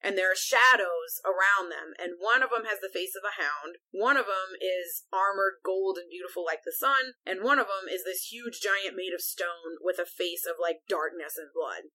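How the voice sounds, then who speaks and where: A woman's voice: on the low side, moderate pace, few pauses, sharp tone, poor audio. A woman co-hosting a podcast, casually retelling a book chapter at length and peppering it with "like". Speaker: podcast co-host.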